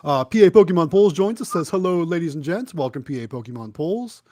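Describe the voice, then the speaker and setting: A man's voice: on the high side, lively intonation, fairly quick, darkish tone, slight background noise. A man hosting a casual livestream, reading out viewer comments and greeting people in a friendly, upbeat way. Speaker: livestream host.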